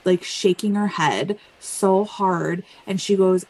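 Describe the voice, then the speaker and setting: A woman from Canada, an author being interviewed, telling lively family stories in casual chat. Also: mid-range voice, slow, husky, rough recording. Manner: animated storytelling with frequent laughs. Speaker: author guest. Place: home, on a yoga wall.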